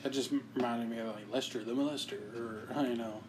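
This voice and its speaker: A man's voice: mid-range voice, steady tone, fairly quick, a little hiss or hum. A man in his thirties co-hosting a podcast, chatting casually, crude and teasing, swearing often. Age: 30s. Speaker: podcast co-host. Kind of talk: casual chat.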